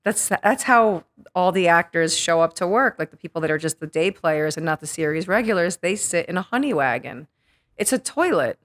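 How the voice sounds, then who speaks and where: Animated, cursing New woman telling stories. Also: lowish voice, moderate pace. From Queens, New York. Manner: animated, profane, acts out quotes. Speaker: podcast guest. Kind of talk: casual storytelling interview.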